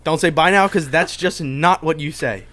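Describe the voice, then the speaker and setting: A man with a slightly high voice teases his co-hosts on a loose podcast. He jokes and needles them about slang. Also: normal speed, a bit bright. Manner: teasing, joking. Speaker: podcast co-host. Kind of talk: casual podcast banter.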